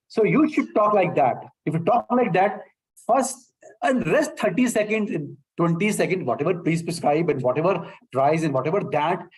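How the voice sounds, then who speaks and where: A man's voice: high-pitched, low-quality recording. A middle-aged man with an Indian English accent, giving a motivational training talk to sales reps in an emphatic, repetitive way. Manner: emphatic, repetitive, addresses listeners as sir.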